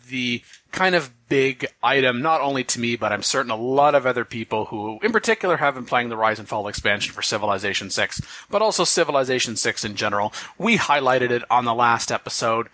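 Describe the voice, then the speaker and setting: Bright measured podcast host man. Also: medium pitch, no echo. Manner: measured, reads out notes, wry. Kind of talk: casual game discussion.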